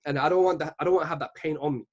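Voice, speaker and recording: A man's voice: fairly high pitch, steady tone, very fast, muffled recording. A man in his twenties giving an earnest motivational talk at a virtual business event, often checking in with "right?". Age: 20s. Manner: earnest, keeps asking "right?".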